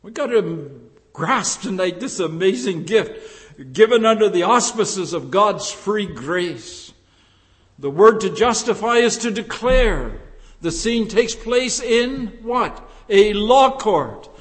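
A man with a notably high voice preaches at an unhurried, measured pace. His deliberate delivery swells into emphatic peaks. The sound rings with the long reverb of a large hall. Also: expressive. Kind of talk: sermon.

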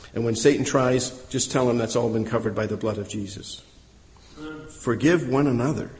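A man's voice: mid-range voice, darkish tone. Man, pastor, sermon, emphatic repetition, echoing church hall. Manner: storytelling preacher, emphatic repetition.

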